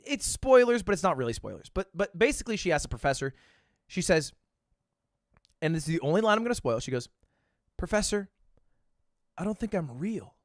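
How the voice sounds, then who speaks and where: Animated twenty-something man telling a story. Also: high voice, fairly quick, pauses often, no room sound, studio quality. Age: 20s. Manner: animated, swearing, sudden loud laughs and bursts. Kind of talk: casual storytelling.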